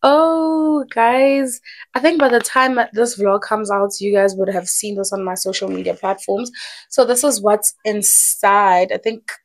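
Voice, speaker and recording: A young woman with a South African accent, chatting excitedly in a casual vlog and switching languages mid-sentence. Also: mid-range voice, unhurried. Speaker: vlogger.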